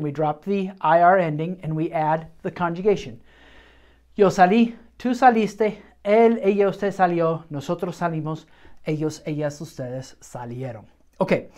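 A woman's voice: fairly low pitch, darkish tone. A middle-aged woman teaching medical Spanish in an upbeat, chatty video lesson, checking in with "okay" often.

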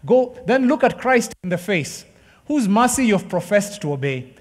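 A man's voice: high-pitched, sing-song, moderate pace, in a large hall. A man preaching a passionate, emphatic sermon to his congregation, often calling them "guys". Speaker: pastor. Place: church hall.

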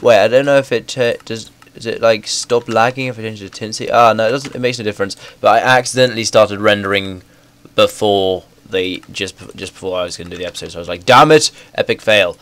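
Excitable young man with a cold. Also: fairly low pitch, fairly quick, smooth. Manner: excitable, rambling, self-correcting. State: stuffy with a bad cold. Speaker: gaming YouTuber. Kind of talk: casual game commentary.

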